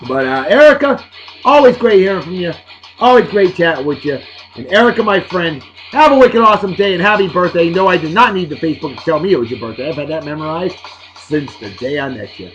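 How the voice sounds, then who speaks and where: Lively high-voiced New man. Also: brisk, highs cut off, soft background music. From Massachusetts, USA. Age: 40s. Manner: chatty, playful asides, upbeat. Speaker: video show host. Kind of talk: casual birthday shout-outs.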